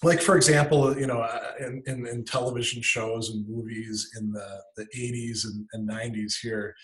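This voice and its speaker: A man's voice: medium pitch, fairly even intonation, normal speed, fairly bright tone, poor audio. A man, a guest philosopher in casual conversation, explaining ideas as he thinks aloud and often restarting his sentences.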